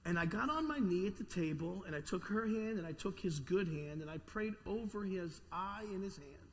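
A man preaching a sermon to his congregation, telling a story in an animated way, sometimes stammering and repeating words. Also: sits high, moderate pace, a little hiss or hum. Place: large church hall with an audience. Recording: long reverb of a church hall.

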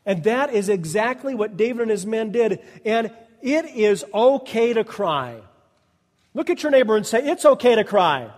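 A man's voice: high-pitched, sing-song, moderate pace, darkish tone. A male pastor preaching a sermon, emphatic and repetitive, calling out to the congregation and asking them to respond. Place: church sanctuary. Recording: long reverb of a large hall.

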